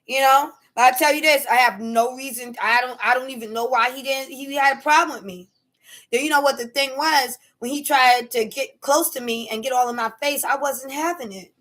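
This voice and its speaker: A woman rants to camera as she tells a story. Her voice sits high and bright, and she talks with strong emphasis and acts out the scene. Her delivery is casual and animated. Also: normal speed. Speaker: vlogger.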